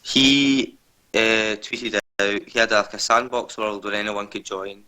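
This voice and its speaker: A nervous man speaking as an interview guest over a video call. His low voice has a bright edge, and he talks hesitantly, leaning on filler words as he tells his story. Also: fairly even intonation, a little slow, poor audio. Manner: hesitant, full of "kinda" and "like".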